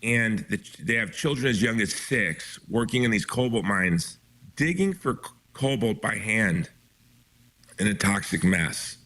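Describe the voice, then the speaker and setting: A male guest author, being interviewed, talks with urgent emphasis and frequent restarts in impassioned interview speech. His voice is on the low side, fairly bright, with lively intonation and an unhurried pace.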